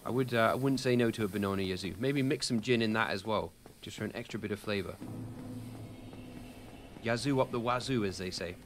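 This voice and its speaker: Low-voiced British streamer chatting casually. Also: male voice, brisk, slight background noise. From United Kingdom. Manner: rambling, self-deprecating, answers chat questions with many fillers. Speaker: gaming streamer. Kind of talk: casual live-stream commentary while playing.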